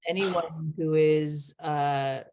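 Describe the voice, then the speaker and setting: A woman's voice: low-pitched, steady tone, extremely slow, mellow. A middle-aged woman, a guest, speaking earnestly in a candid interview and laughing as she tells stories.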